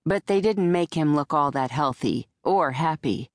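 A woman narrating a first-person audiobook in a low, deep voice. Her delivery is dry and wry, tuned to the joke in each line. The recording is close-miked and completely dry. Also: animated, measured pace, hardly any pauses, no echo. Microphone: close studio mic.

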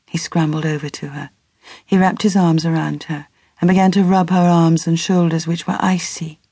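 A woman reading a novel aloud as an audiobook narrator in measured storytelling. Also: deep voice, little pitch movement, darkish tone, slightly rough, no room sound, studio quality. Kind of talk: scripted narration.

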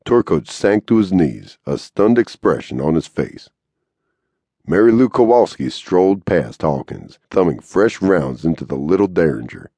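A man narrating a western audiobook in a steady, measured way into a close studio mic. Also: sits low, husky, dry recording.

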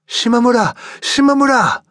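A male narrator voicing a drunken young woman who cries out in a high, piercing voice and pleads, repeating herself. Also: lively intonation, moderate pace, a bit bright, no room sound, clean studio sound. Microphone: studio microphone, close and dry.

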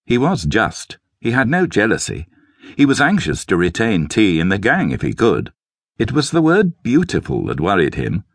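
A man narrating an audiobook story in a measured, expressive storytelling manner, recorded close on a studio mic. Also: low-pitched, dry recording. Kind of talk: scripted narration.

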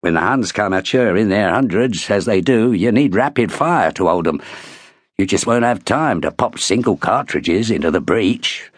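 A gruff veteran army sergeant growls his words out bluntly and coarsely, as a man voices him in an audiobook. The voice sits low and a little husky, recorded dry and close. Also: expressive, normal speed, no echo.

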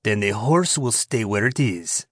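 A man's voice: lowish voice, animated, a bit bright, breathy edge, dry recording, studio quality, full character voice. A man putting on a sly prison commandant. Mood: sly menacing. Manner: slow, drawn-out, oily politeness with veiled threats. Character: smug, greedy male Mexican prison commandant.

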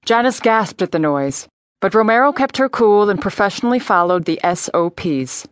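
A woman narrating a crime story audiobook in a clear, measured reading voice. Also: mid-range voice, expressive, no echo, clean studio sound. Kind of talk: scripted narration.

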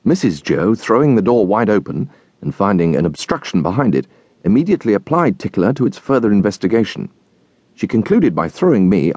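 A man reads a classic novel aloud with expressive storytelling. His voice is deep yet lively, rising and falling widely. The recording is close and dry. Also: no room sound, muffled recording. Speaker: audiobook narrator. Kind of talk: scripted narration of a classic novel.

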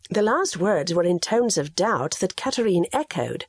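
A woman narrating an audiobook in a measured storytelling manner, her pitch moving a lot through the lines. Her voice has a light husk, and the recording is dry and close with no room around it. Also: sing-song, husky, dry recording. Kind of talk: scripted narration.

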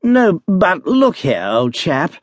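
A man's voice: high-pitched, wildly swooping pitch, takes it slowly, dry recording, pitched above the performer's own voice, full character voice. A man doing a frantic tipsy young man. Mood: pleading. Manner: breathless and pleading.

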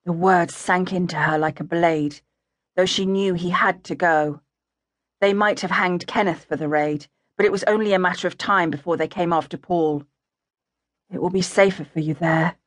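A woman reading a historical romance audiobook in a smooth, even storytelling manner. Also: fairly low pitch, normal speed, no room sound. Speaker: audiobook narrator. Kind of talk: scripted narration. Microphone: close studio mic. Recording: dry close-miked studio.

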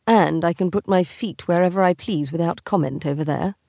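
A woman voicing a teasing, insolent young aristocratic husband in a slow, drawling, mocking manner. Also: on the low side, mellow, no room sound, clean studio sound.

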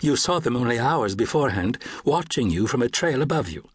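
Genteel British hostess, soft and sophisticated, slightly husky, as a male narrator puts her on. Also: mid-range voice, lively intonation, brisk, no echo. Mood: cordial. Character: genteel, playful Englishwoman hostess.

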